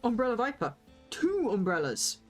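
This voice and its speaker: A woman, chatting excitably and giggling as she streams a game and talks to her viewers. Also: on the high side, moderate pace, faint music behind. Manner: excitable, giggly, reacts aloud and chats with viewers. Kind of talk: casual live-stream game commentary.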